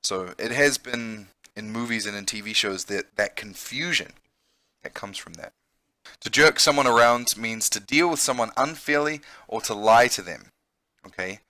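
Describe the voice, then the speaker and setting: A man with a bright, forceful tone teaching English vocabulary in a patient, explaining way. He keeps checking in with a quick "okay?" as he goes. The sound is dry, with almost no room around it. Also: fairly low pitch, no echo. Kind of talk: vocabulary lesson.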